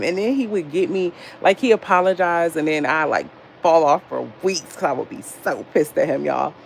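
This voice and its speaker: A woman in her thirties chats casually on a livestream, swearing freely and talking straight to her viewers. Her voice has a gravelly edge, and a faint hum sits underneath. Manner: profane, talks straight to her chat; lively storytelling, frequent jumps in pitch. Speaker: livestream host.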